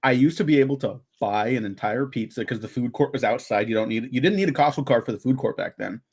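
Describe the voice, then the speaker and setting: A man's voice: mid-range voice, fast, darkish tone, husky. A young man co-hosting a movie podcast, laid-back and chuckling. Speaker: podcast co-host. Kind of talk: casual movie commentary chat.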